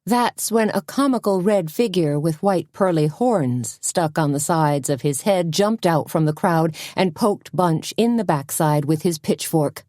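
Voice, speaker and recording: A woman narrating a cozy mystery audiobook in an expressive storytelling manner. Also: lowish voice, a little slow, hardly any pauses, dry recording, studio quality. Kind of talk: scripted narration.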